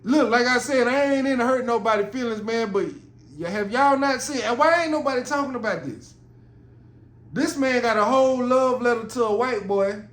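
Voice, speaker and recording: A man's voice: extremely high pitch, normal speed, a bit bright. A man hosting a podcast, talking in a casual, rambling and profane monologue in a roomy recording. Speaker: podcast host. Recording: roomy with faint noise.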